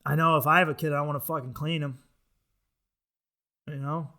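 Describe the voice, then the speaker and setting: A man's voice: on the high side, fairly even intonation, fairly quick, sharp tone. A man hosting a comedy podcast, rambling through a crude, profane monologue. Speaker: podcast host.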